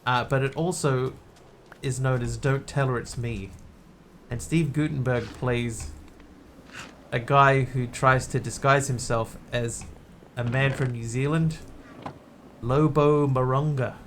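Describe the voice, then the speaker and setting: A man's voice: medium pitch, fairly even intonation, slow pace, fairly bright tone, a little hiss or hum. A man streaming a game, chatting casually in a rambling, wry way. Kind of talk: casual gameplay chat.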